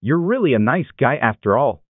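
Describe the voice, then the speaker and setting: A man reading English practice sentences one at a time, slowly and clearly, for a listening lesson. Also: medium pitch, sing-song, dry recording. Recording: tinny, phone-like, dry.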